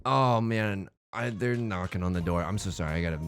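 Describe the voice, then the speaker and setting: A young man giving casual, playful commentary while he plays an online game, with jokey asides and sudden excited jumps. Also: sits low, a little fast, faint music behind. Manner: drops to a stage whisper at times. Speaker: let's play streamer.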